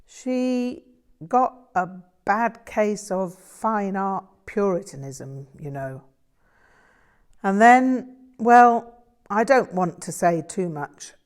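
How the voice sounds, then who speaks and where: A woman's voice: medium pitch, lively intonation, very slow, voice pushed up. A woman voicing a modest, reflective young English man who talks about himself in a self-deprecating way.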